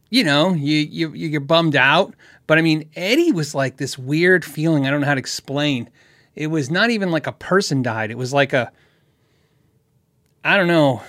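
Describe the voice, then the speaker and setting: A man with a slightly high voice chats loosely to his viewers, stopping and restarting his sentences and laughing between thoughts. The sound is close and dry, with no room around it. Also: fairly bright tone, no room sound. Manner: rambling, halting, many restarts and fillers, laughs often. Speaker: livestream host answering chat questions. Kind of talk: casual livestream chat.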